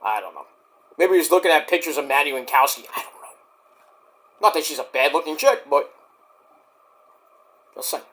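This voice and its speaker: A man casually reviewing a wrestling show on his own, talking in an animated way, swearing often and breaking into shouted impressions. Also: on the high side, a little fast, long pauses. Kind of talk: casual solo review rant.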